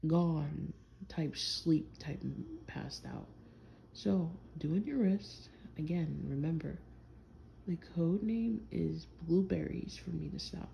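A woman playing a gravelly teasing vampire boyfriend. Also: sits low, mellow, highs cut off, a little hiss or hum, exaggerated voice. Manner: teasing, playful, drawling slang. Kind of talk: listener role-play audio.

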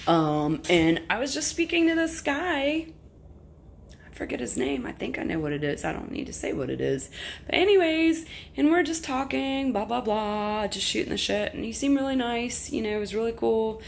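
A woman's voice: fairly high pitch, sing-song, normal speed, gravelly, slight background noise. A middle-aged woman telling a personal story in a candid, emphatic way, swearing freely. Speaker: vlogger. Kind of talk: casual storytelling to camera.

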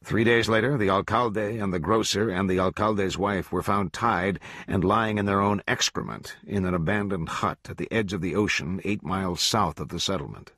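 A man reading a novel aloud as an audiobook narrator, in a steady, measured delivery. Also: sits low, dry recording, studio quality. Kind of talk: scripted narration.

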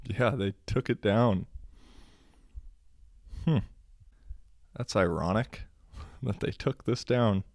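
Deep-voiced sarcastic man, rambling podcast. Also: takes it slowly, pauses often, a little mellow, no echo, clean studio sound. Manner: sarcastic, rambling, swears freely. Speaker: podcast host. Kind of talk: casual solo podcast monologue.

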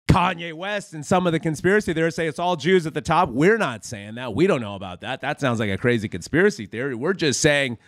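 A man hosting a mock-preachy commentary show, sarcastic and folksy, with a pitch that swings widely. His voice sits a little high for a man and sounds close and dry. He talks to his viewers as old friends. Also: no room sound. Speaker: host of a satirical commentary show.

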